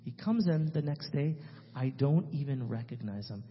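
A man, a missionary speaking to a church, telling a story in an emphatic way that swings between loud and hushed. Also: mid-range voice, animated, normal speed. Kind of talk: animated testimony storytelling. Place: church sanctuary. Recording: reverberant hall, dull lo-fi sound.

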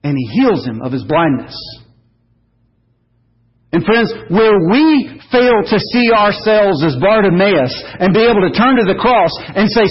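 A husky, fairly high-pitched man preaches an earnest, impassioned sermon. His emphasis swells and drops as he speaks. The recording has a dull, lo-fi quality. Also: big pitch swings, measured pace.

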